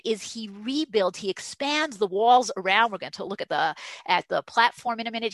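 A woman's voice: medium pitch, fairly bright tone, no room sound. A woman teaching a class, explaining step by step and often checking in with her listeners. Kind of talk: classroom lecture on Talmud.

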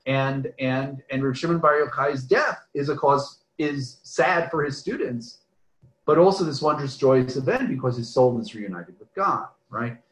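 Speaking at normal speed in a mid-range, slightly bright voice, a man runs an online lecture over a video call and takes chat questions. His style is discursive, full of "right?" and "um," with phrases often restarted. The audio is poor and roomy.

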